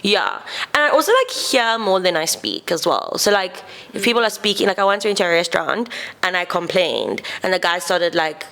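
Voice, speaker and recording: A woman's voice: fairly low pitch, big pitch swings, brisk, creaky, sharp tone. Chatty young South African woman. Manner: chatty, fillers of "like", playful storytelling. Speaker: podcast guest. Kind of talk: casual chat.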